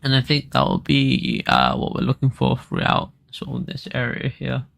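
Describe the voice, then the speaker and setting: A man's voice: medium pitch, sing-song, normal speed, creaky, fairly bright tone. A man giving casual live stream commentary on crypto charts as the analyst, rambling with lots of fillers and restarts.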